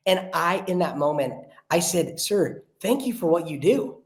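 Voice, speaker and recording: Young guy on a podcast, earnest and animated storyteller, kinda echoey room. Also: fairly high pitch, normal speed. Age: young adult. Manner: earnest, animated storyteller, acts out quoted voices. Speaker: podcast guest. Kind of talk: casual storytelling chat. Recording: roomy echo.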